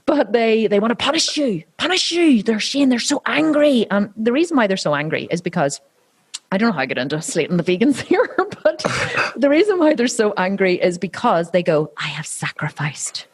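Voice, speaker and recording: A woman's voice: fairly high pitch, husky. A woman, telling stories in a casual interview, acting out other people's voices and swearing freely. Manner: animated storyteller, acts out quoted voices, swears freely. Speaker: podcast host being interviewed.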